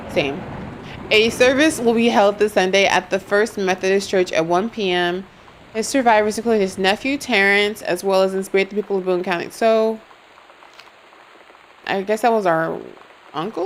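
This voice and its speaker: A woman's voice: medium pitch, a little hiss or hum, rough recording. Playful young woman streamer. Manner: playful, jokey, talks to chat. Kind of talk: live gameplay commentary.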